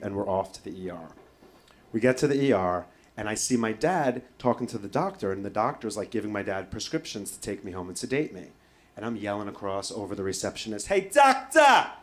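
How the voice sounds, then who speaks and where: A male comedian telling a story on stage in an animated way, swearing freely and breaking into impressions. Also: fairly low pitch. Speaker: stand-up comedian. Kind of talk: stand-up storytelling. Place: stage before a live audience.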